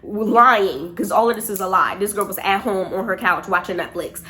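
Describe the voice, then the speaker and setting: A woman's voice: medium pitch, quick pace. Chatty young woman telling a storytime. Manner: chatty, animated, talks straight to viewers. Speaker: vlogger. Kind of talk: storytime vlog.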